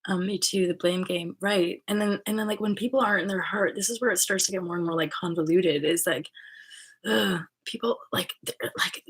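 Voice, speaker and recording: A woman's voice: fairly low pitch, slightly rough. A woman hosting her own channel, talking in a rambling, casual spiritual monologue full of fillers, restarts and swearing. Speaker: channel host.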